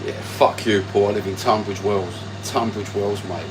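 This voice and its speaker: A man's voice: on the low side, steady tone, moderate pace, noisy background. A man, hosting a casual livestream from home with crude, sweary banter into his phone. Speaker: livestream host.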